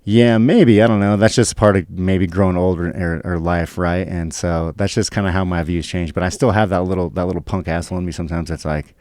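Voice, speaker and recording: A man's voice: low voice, fairly even intonation, brisk, few pauses, a little mellow, no echo. A young man chatting casually on a podcast, rambling with lots of fillers and swearing. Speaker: guest, pro fighter.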